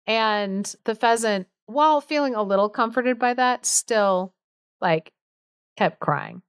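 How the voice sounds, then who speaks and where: Chatty woman with a smooth, dry voice. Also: a little high, slow, dry recording. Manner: chatty, amused, lots of fillers. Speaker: podcast co-host, storyteller. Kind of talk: casual storytelling chat.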